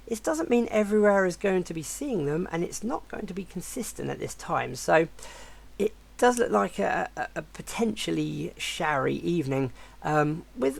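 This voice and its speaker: A man with a croaky voice while recovering from the flu, presenting a weather forecast with many hesitations and restarts. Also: fairly high pitch, fairly bright tone. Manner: hesitant, with frequent fillers and restarts.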